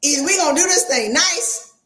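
A woman's voice: very high voice, lively intonation, a little fast, a bit bright, reverberant, poor audio. A woman hosting and coaching on a podcast, talking in an informal, teasing way. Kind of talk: casual interview chat.

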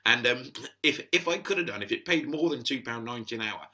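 A chatty man tells stories in a relaxed interview, laughing often and slipping into the voices of the people he quotes. His voice is very bright and sharp, pitched at an ordinary middle height for a man. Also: fast. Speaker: guest. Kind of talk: casual storytelling interview.

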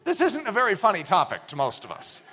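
A man preaching a sermon, swinging from hushed asides to shouted exclamations and acting out quoted voices. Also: high voice, fast, some chatter behind. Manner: animated, shifts between hushed and shouting. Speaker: pastor.

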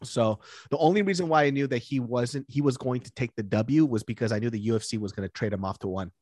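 A man co-hosting a casual podcast, joking and telling stories with animated emphasis. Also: medium pitch, fast, no room sound, studio quality. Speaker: podcast co-host. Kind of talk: casual chat.

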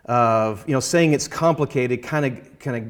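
A man in conversation, earnestly explaining his Christian faith and quoting scripture, slowing down to stress key phrases. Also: medium pitch, clear, resonant tone. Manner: quotes scripture, halting restarts. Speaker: Christian guest speaker.

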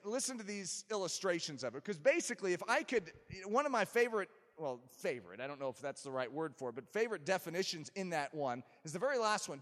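Animated male preacher in an echoing hall. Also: high-pitched. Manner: emphatic, animated preaching with self-deprecating humor. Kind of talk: sermon. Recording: long reverb of a large hall.

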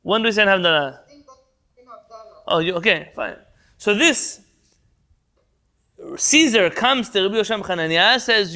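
A man's voice: high voice, animated, measured pace, pauses often, bright, forceful tone. A man teaching a Talmud class over a video call, translating Hebrew terms, quizzing the class and jumping between points. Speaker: Torah teacher.

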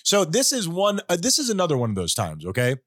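Chatty storytelling man, slightly high voice. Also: fast, no echo, studio quality. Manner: animated rambling storyteller, quips. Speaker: podcast host. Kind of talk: casual podcast chat.

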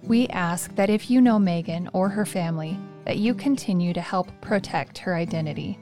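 A woman hosting a podcast, reading a scripted narration in a calm, measured, descriptive way. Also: fairly low pitch, faint music behind.

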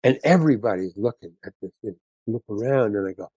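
Speaking quickly in a lowish, slightly rough voice, an older actor guesting on an interview show relates a lengthy anecdote. He animatedly acts out each character's voice, and the recording is dry.

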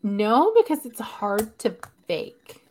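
A woman's voice: a little high, sing-song, slow, warm tone. A chatty woman with a light Canadian accent trades thoughts as a podcast co-host. She laughs often, trips over her own restarts, and keeps the talk loose and casual. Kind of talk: casual chat.

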